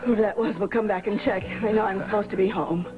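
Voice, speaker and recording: A woman's voice: mid-range voice, fairly even intonation, fast, natural voice. An actress in a 1980s TV soap, scornful and frightened as she confronts a man. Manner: scornful, pleading, then insulting. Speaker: soap opera character. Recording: tinny old TV broadcast with music.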